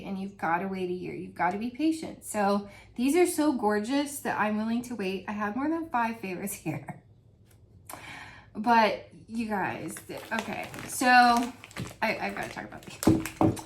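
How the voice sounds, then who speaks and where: A woman chatting casually in a home review video, gushing and laughing often as she describes her favorite scents. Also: a little high. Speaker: wax melt reviewer. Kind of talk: casual product review vlog.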